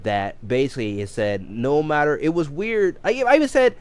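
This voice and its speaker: A man's voice: on the high side, lively intonation, moderate pace, few pauses, a little mellow, clear, resonant tone. Man rambling through a story. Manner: rambling, many restarts and self-corrections. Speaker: game streamer. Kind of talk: casual storytelling on a livestream.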